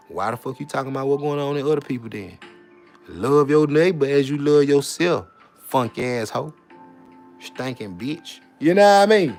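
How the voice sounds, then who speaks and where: A man giving a casual, preachy monologue, swinging between loud preaching and muttered asides, with repeated filler tags. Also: on the high side, very animated, moderate pace, vocal fry, soft background music. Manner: repeats filler tags like "you know what I'm saying". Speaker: vlogger.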